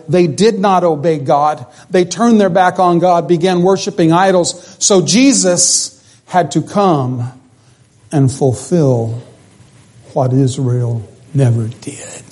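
A man preaching a sermon, asking the congregation rhetorical questions as his voice climbs and drops. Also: a little high. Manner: animated preaching with rhetorical questions, voice rising and falling. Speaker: pastor.

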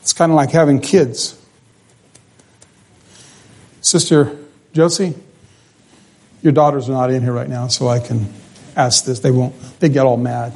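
A man's voice: medium pitch, measured pace, gravelly, long pauses. A man preaching a sermon, asking the congregation rhetorical questions as his voice climbs and drops. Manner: animated preaching with rhetorical questions, voice rising and falling. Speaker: pastor.

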